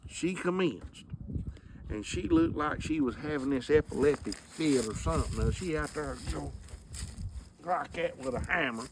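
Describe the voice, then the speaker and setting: A man telling a comedy story, animated and acting out sound effects. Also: on the high side, normal speed, background noise.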